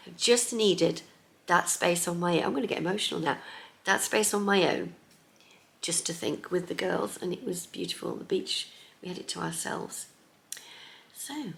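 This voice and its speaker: A middle-aged woman chatting casually in her sewing vlog, lively and chatty, sometimes dropping to a soft near-whisper. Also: fairly low pitch, vocal fry. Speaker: sewing vlogger.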